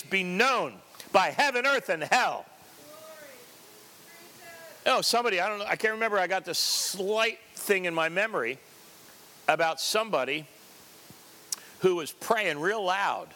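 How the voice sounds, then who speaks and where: A man's voice: high-pitched, expressive, measured pace, pauses often, sharp tone. A man preaching a sermon as a pastor, emphatic and repetitive, with joking asides.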